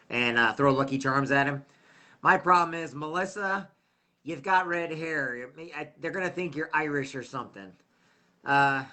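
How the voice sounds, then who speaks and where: A man's voice: medium pitch, bright, forceful tone. A middle-aged man hosting a casual livestream, rambling and chatty, often losing his train of thought. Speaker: livestream host.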